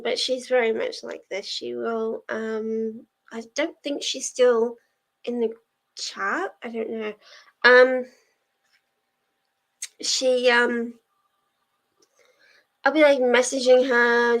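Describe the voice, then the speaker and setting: A young woman hosts a relaxed livestream and talks to her viewers in a chatty, rambling way. Her voice sits a little high. She takes her time over her words. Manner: chatty, rambling, answers chat messages. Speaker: livestream host of reading sprints. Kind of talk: casual chat with live viewers.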